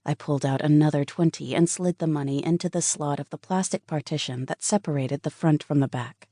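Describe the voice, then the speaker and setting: A woman's voice: sits low, fairly quick, few pauses, mellow, no echo, clean studio sound. A woman narrating a first-person romance audiobook in an earnest, intimate way.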